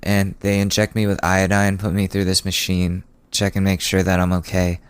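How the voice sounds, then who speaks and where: A podcast host telling a personal story in a casual, sardonic, rambling way, with frequent restarts. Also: male voice, low voice, completely flat delivery, normal speed, smooth.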